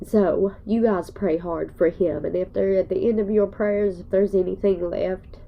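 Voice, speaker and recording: Tearful woman vlogger with gravelly voice. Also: medium pitch, fairly even intonation, moderate pace, phone-quality sound, slight background noise. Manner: tearful, rambling, folksy. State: crying. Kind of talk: emotional personal vlog.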